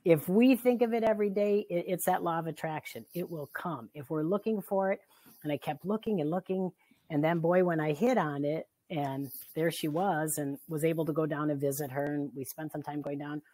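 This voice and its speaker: Speaking fairly quickly in a deep, mellow voice, a middle-aged family therapist chats in a relaxed video-call interview. She comes across as earnest and thoughtful, and laughs easily.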